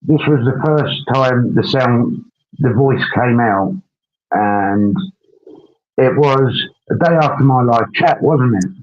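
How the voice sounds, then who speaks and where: A livestream host chats casually, rambling as he works through on-screen tasks and tacking questions onto his sentences. His voice is medium-pitched and he takes it slowly. The stream audio is dull and lo-fi.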